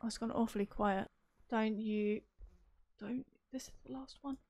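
A woman's voice: a little high, steady tone, normal speed, a little mellow, dry recording. A woman commentating her own horror game playthrough, talking to herself, swearing and screaming when startled. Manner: jumpy, talks to herself, swears and screams at scares. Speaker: gaming streamer.

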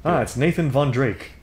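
A man's voice: mid-range voice, darkish tone, roomy sound, a little hiss or hum. A man co-hosting a gaming podcast, chatting casually and laughing while he plays. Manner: giggly, rambling, playful voices for quoted characters. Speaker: podcast co-host playing the game.

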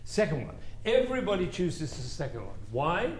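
A man's voice: high voice, big pitch swings, normal speed, a little hiss or hum. An older man leading a music interpretation class, coaching a player and singing the phrases aloud in a playful, coaxing way. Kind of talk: masterclass coaching.

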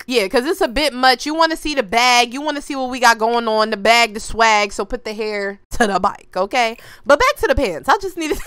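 A young woman talks her viewers through a game in an animated, slangy voice that jumps high and swoops around. Her tone is bright and clean, recorded dry and close to the mic. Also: clear, resonant tone, no echo. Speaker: gaming YouTuber. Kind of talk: casual gameplay commentary.

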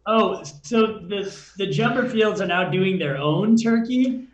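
A man's voice: high voice, measured pace. A man co-hosting a live comedy writing stream, reading out scripted dialogue in a loose, playful way. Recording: roomy, muffled, slightly distant mic with faint noise.

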